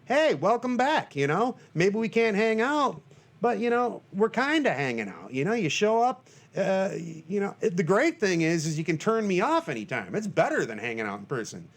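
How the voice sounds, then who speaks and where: A man's voice: high-pitched, sing-song, moderate pace. A man hosting his own podcast, talking in a jokey, rambling, self-deprecating way in a casual monologue. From Northern Michigan. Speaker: podcast host.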